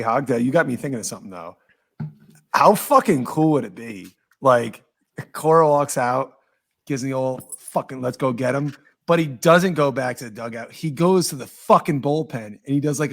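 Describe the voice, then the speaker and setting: A man on a sports podcast, riffing on a joke idea quickly and laughing along. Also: medium pitch, creaky. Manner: joking, rapid, laughing. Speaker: podcast co-host. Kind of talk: casual sports chat.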